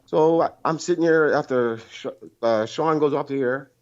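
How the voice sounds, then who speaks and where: A man calls in to a live show and tells a long story, rambling and swearing and repeating himself. His voice is high for a man. The call line sounds muffled and dull. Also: normal speed, a little mellow. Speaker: caller.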